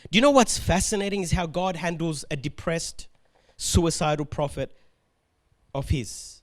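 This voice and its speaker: A man with a notably high voice preaches to his church with animation, and he laughs often along the way. He acts out the complaints of the figures in his stories as he tells them. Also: normal speed. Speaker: pastor. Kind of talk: sermon.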